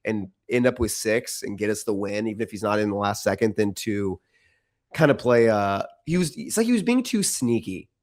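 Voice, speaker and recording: A man's voice: lowish voice, animated, normal speed. Guy breaking down his team's play on a podcast, opinionated, lots of likes and restarts, ordinary voice. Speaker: podcast co-host. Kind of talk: casual sports chat.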